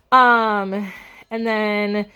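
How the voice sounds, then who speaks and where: A woman's voice: mid-range voice, sharp tone, clean tone. A young adult woman vlogging casually, talking to herself about her errands in a frazzled way. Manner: frazzled, talks to herself, vents. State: frustrated. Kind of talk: casual vlog chat.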